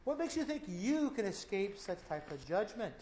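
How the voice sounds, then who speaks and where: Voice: medium pitch, very animated, normal speed, a little mellow, reverberant, a little hiss or hum, low-quality recording. A Bible teacher preaching a verse-by-verse sermon, emphatic and full of rhetorical questions.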